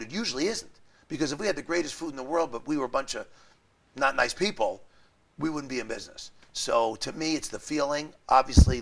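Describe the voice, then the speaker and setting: Middle-aged male guest, New York accent, gravelly, lively, jokey restaurateur. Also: medium pitch. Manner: chatty, animated, jokey. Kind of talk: casual interview chat.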